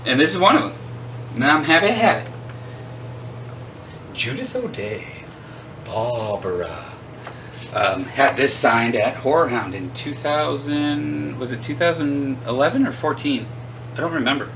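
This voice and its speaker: A man's voice: medium pitch, animated, unhurried, pauses often, far from the mic, background noise. A man in his forties casually chatting as host, showing off his collection at home, enthusiastic and rambling with self-deprecating asides. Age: 40s. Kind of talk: casual chat. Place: home room with arcade cabinets.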